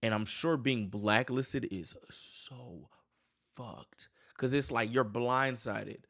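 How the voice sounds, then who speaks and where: A man's voice: mid-range voice, a bit bright. A man hosting a reaction video, asking viewers questions in a casual, incredulous way. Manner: slow, incredulous, talks to viewers.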